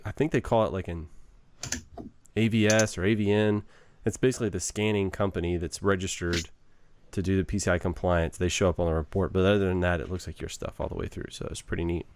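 Deep-voiced guy hosting a laid back tech podcast, kinda rambly. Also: brisk, a little hiss or hum. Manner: relaxed, rambling with fillers. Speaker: podcast host. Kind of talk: casual tech chat.

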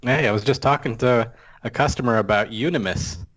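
A man joining a tech podcast as a co-host, chatty and quick to laugh. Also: medium pitch, a bit bright. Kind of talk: casual tech chat.

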